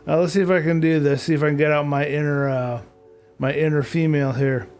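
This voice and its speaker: A man's voice: a little high, fairly even intonation, a little fast, darkish tone, soft background music. Chatty man streaming a game. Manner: chatty, talks to himself and viewers, mildly grumbling about tech. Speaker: live streamer. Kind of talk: casual live-stream chat while gaming.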